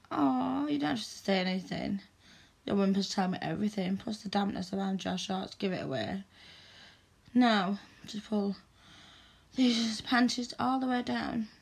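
Woman, adult audio role-play, commanding and mocking, mid-pitched with a rough edge. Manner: stern, teasing, commanding.

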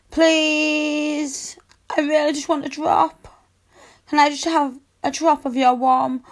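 A woman's voice: high-pitched, fairly bright tone, full character voice. A woman voicing a needy, pouty young adult cat girl in an adult audio role-play, whining and pleading, with meows mixed in. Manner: whiny and pleading, sprinkled with meows.

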